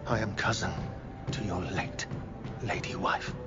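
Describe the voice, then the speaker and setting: An indignant low-voiced knight. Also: male voice, fairly even intonation, a little slow. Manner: stiff, indignant, hushed accusations. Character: aggrieved male knight, a dead lady's cousin. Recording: dull TV clip under loud music.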